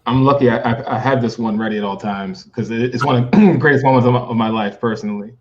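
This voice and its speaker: A man's voice: mid-range voice, fast, slight background noise. Laughing man in dull lo-fi audio. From New Jersey, US. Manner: laughs often between remarks. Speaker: podcast guest. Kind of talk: casual chat.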